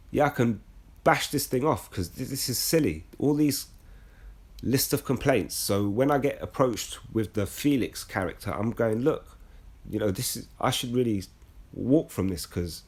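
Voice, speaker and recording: A man's voice: mid-range voice, a little mellow, breathy edge. A blunt man telling a heated personal story with a lot of swearing, then reading scripture as a religious speaker.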